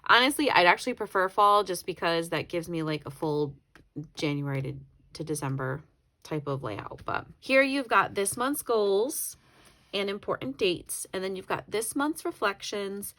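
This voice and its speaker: A woman's voice: mid-range voice, lively intonation, normal speed, sharp tone. A woman talking casually through a planner flip-through, rambling and correcting herself as she goes. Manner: chatty, rambling, self-correcting. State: briefly tearful. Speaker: planner YouTuber.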